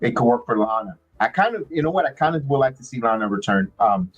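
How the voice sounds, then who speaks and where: A man's voice: medium pitch, lively intonation, slightly rough, dull audio. A man hosting a live watch-along, chatting casually and rambling with frequent restarts and fillers. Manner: rambling, halting, many restarts. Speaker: podcast host.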